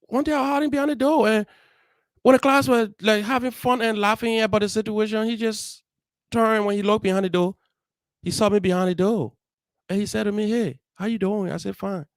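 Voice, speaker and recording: Brief: Liberian English man, young adult, motivational host, earnest storyteller, slightly high voice, dry close sound. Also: steady tone, a little fast, no echo. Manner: earnest, heartfelt, acts out dialogue. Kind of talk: personal storytelling.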